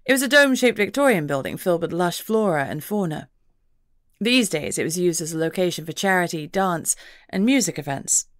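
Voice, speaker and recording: Woman, audiobook narrator, lowish voice, measured storytelling, dry close sound. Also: expressive, dry recording. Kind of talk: scripted narration.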